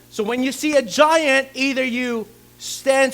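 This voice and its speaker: A male pastor preaching a lively sermon, acting out the story's characters and calling out questions to his congregation. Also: very high-pitched, measured pace. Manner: theatrical, asks the congregation questions. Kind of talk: animated sermon with acted-out voices.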